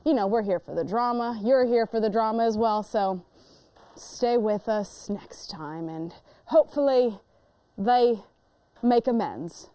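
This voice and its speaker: A woman hosting a casual panel chat, playful and lively, saying y'all. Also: on the high side, a little slow, no echo. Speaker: host.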